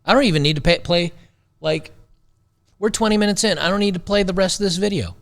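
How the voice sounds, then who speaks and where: Gravelly, blunt sarcastic male host. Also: high-pitched, fast, fairly bright tone. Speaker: show host. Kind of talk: commentary reacting to a video clip.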